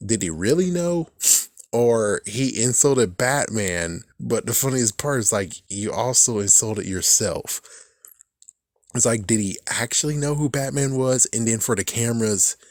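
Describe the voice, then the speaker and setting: A young man talking casually about a movie he watched, animated and loose, swearing often and laughing at his own jokes. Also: medium pitch, unhurried, no room sound, clean studio sound. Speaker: movie commentary vlogger. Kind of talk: casual rambling movie talk.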